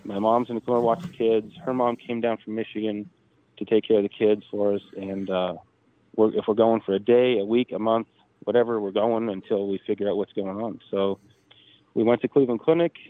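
A man's voice: on the low side, brisk. Man telling a story over a tinny phone line. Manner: animated retelling, acting out quoted dialogue. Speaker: podcast guest, drag racer. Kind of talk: casual storytelling.

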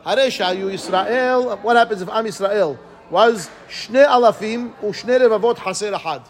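A man teaching a Talmud class, reading Aramaic and explaining it phrase by phrase in English, often checking with listeners. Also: sits high. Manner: quick, animated, asks listeners "right?".

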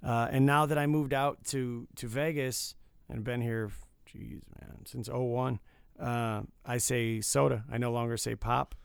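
Smooth gravelly earnest podcast man. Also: mid-range voice, steady tone, a little slow, dry recording. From Detroit, US. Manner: earnest, reflective, hedging. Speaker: podcast co-host. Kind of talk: casual chat.

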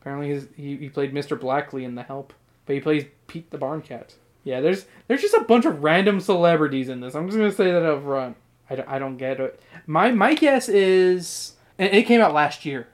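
A man's voice: fairly high pitch, animated, brisk. A man hosting a podcast in casual chat, rambling and swearing often, with frequent laughs. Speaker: podcast host.

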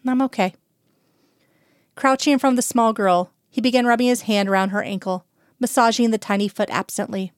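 A woman reads a story aloud in a calm, even voice, speaking close to the mic. Her tone is smooth and clear, and the recording is dry with no room around it. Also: on the high side, fast, dry recording. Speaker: audiobook reader. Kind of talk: fan fiction audiobook narration.

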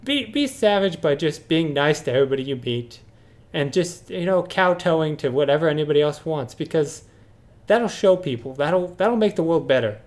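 A man co-hosting a comedy podcast, talking in a mock-earnest, deadpan ironic way. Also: fairly high pitch, moderate pace. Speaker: podcast co-host. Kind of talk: sarcastic comedy podcast banter.

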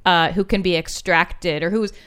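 A woman in a casual podcast chat, measured, with dry wit. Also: lowish voice, steady tone, fairly bright tone, clean tone. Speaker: podcast co-host.

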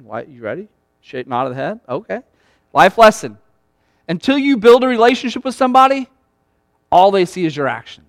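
Male pastor, high voice, dry close sound; conversational, animated sermon delivery. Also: clean tone, dry recording. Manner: conversational, animated, acts out quoted lines.

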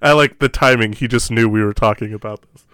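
A man's voice: fairly low pitch, fast, fairly bright tone, smooth, no room sound, clean studio sound. A man co-hosting a casual podcast chat who rambles with restarts and laughs often. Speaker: podcast co-host.

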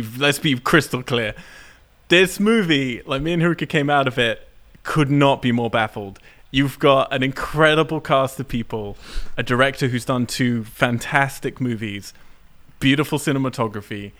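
A man ranting about a baffling film. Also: medium pitch. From United Kingdom. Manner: animated, ranting film critique with laughter. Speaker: podcast co-host. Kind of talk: casual podcast chat.

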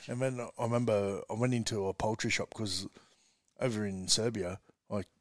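A man's voice: fairly low pitch, normal speed, dry recording, studio quality. A man from Western Sydney with an Australian accent, a rugby league coach telling stories in a casual interview and calling everyone "mate". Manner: chatty, says "mate" constantly, animated storyteller.

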